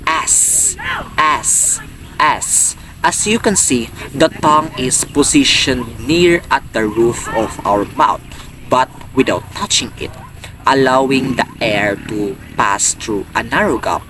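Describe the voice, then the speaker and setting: A man giving an educational lecture on speech sounds, repeating words slowly for the listener to copy and rephrasing his points. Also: mid-range voice, low-quality recording. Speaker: presenter explaining phonology.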